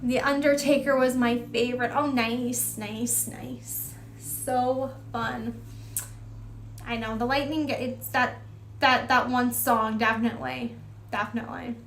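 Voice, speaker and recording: A woman's voice: on the high side, level tone, a little slow, fairly bright tone, a little hiss or hum. A young woman hosting a live stream, chatting casually, greeting viewers by name and reacting with lots of exclamations. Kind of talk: casual chat reading viewer comments.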